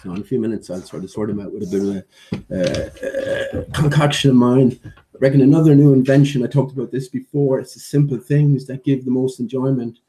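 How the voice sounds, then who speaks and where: A man talks to his viewers in a loose, rambling way, with plenty of ums and restarts. His voice is mellow and warm. Now and then he breaks off to mock-scold a dog at his feet. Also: mid-range voice, brisk, slight background noise. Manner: rambling, with many fillers and restarts; playfully scolds his dog between thoughts. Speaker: vlogger. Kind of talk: casual vlog chat.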